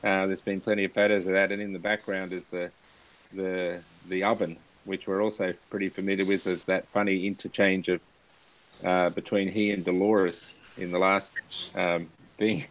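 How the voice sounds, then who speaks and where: A man's voice: low-pitched, little pitch movement, moderate pace, poor audio. A man hosting a casual live chat over a video call, telling anecdotes and laughing often as he goes. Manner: chatty, laughs through anecdotes.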